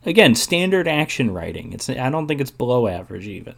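A man's voice: mid-range voice, very animated, a little fast, creaky, fairly bright tone. A man co-hosting a movie podcast, sardonic and profane, often restarting his sentences. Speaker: podcast co-host. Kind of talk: casual movie discussion.

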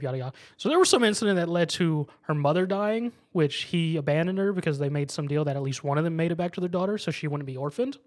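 A man with a voice on the high side races through an anime episode recap, talking fast with few pauses. The chat is casual, and he animatedly acts out what the characters say.

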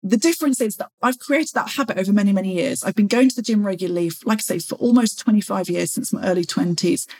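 A woman's voice: mid-range voice, fast talker, few pauses, darkish tone, husky. A woman, hosting a fitness podcast in a chatty, encouraging way. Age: 40s. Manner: chatty and encouraging, acts out her own inner voice. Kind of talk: motivational solo podcast talk.

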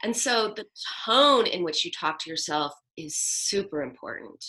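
A woman's voice: lowish voice, expressive, moderate pace, sharp tone, poor audio. A middle-aged woman psychoanalyst answering interview questions in an emphatic way, acting out quoted self-talk. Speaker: psychoanalyst guest.

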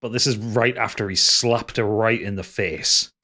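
A man's voice: on the low side, normal speed, bright, forceful tone. Chatty man recapping a TV show. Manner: rambling, laughs often, frequent restarts. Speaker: podcast co-host. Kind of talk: casual podcast chat recapping a TV series.

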